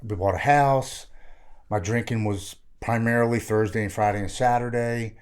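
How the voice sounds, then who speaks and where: A man's voice: on the low side, fairly even intonation, moderate pace, a little mellow, clean tone. A man, frankly telling his own recovery story as a podcast guest. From Maryland. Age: 40s. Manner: earnest, frank, plain-spoken. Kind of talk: candid personal storytelling.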